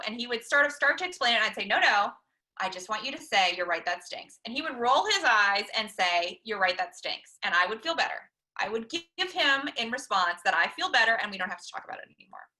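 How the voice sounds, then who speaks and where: Woman counselor, webinar lecturer: slightly high, bright voice, conversational, lots of "um" pauses. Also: low-quality recording. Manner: personal examples, frequent "um" pauses. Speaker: counselor presenting a talk.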